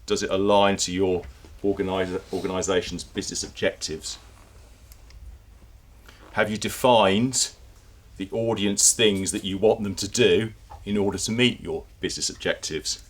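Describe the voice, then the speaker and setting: A man's voice: low voice, fairly even intonation, normal speed. A man giving a conversational conference presentation to an audience, with fillers and repeated words. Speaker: conference speaker. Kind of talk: presentation talk.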